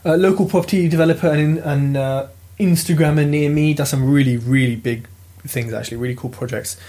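A British man telling a property auction story in a lively, casual vlog, swearing freely as he goes. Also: fairly high pitch, fairly quick. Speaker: property investor vlogger. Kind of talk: casual chat.

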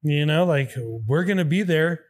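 With a fairly high pitch and a slightly slow pace, this man tells a story in casual chat, profane and animated, acting out both parts of the exchange and swearing freely.

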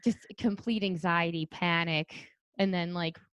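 A young adult woman, a speech therapist co-hosting a podcast, chatting casually and quickly with many "like" fillers. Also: fairly low pitch, steady tone, a bit bright, clear, resonant tone, no echo, muffled recording.

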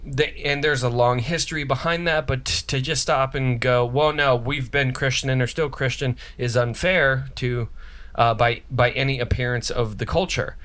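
A man's voice: mid-range voice, steady tone, moderate pace, hardly any pauses, fairly bright tone. A young American man co-hosting a faith podcast, talking loosely with jokes and frequent restarts. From United States. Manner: joking, loose, with many restarts. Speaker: podcast co-host. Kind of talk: casual faith podcast chat.

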